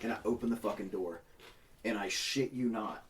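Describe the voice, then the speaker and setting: Profane man telling an animated story. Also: on the low side, moderate pace, far from the mic, a little hiss or hum. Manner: profane, animated, acts out quoted people. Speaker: podcast co-host. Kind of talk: casual storytelling among friends.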